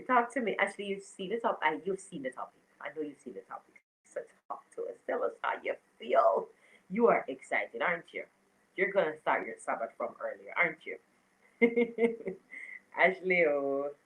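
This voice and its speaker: A woman's voice: lowish voice, a bit bright, rough recording. A woman hosting a casual live stream, reading viewer comments aloud, greeting people by name and laughing often. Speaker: livestream host.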